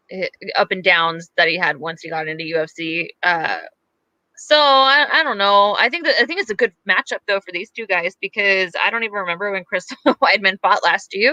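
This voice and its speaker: A woman's voice: mid-range voice, sharp tone, dry recording, muffled recording. A woman co-hosting a podcast, chatting casually about fights, hedging a lot and using plenty of fillers. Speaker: podcast co-host. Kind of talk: casual sports chat.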